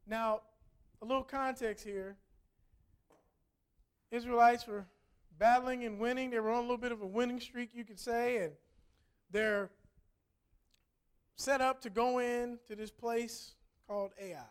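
A woman's voice: fairly high pitch, fairly even intonation, a little slow, pauses often, clean tone. A woman reading a Bible passage aloud and then explaining it in an earnest, conversational sermon with emphatic repetition. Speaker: Bible teacher. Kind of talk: scripture reading and sermon commentary.

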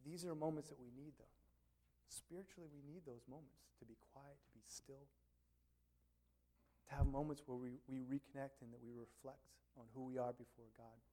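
A man's voice: medium pitch, steady tone, normal speed, dark tone. A male pastor preaching a sermon in a conversational way, with many fillers and restarts.

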